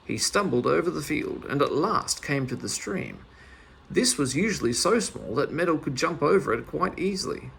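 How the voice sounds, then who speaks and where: A man reads a children's story aloud, lively and expressive. His voice is fairly high and swoops over a wide range. A gravelly, slightly husky texture runs through it. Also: moderate pace.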